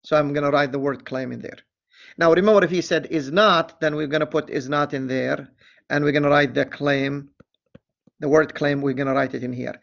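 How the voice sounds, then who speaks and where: A man's voice: fairly high pitch, steady tone, vocal fry, highs cut off. A man teaching a statistics lesson in a screen-recorded walkthrough, reading the problem aloud and correcting himself as he goes. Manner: deliberate, reads problem aloud, self-correcting asides.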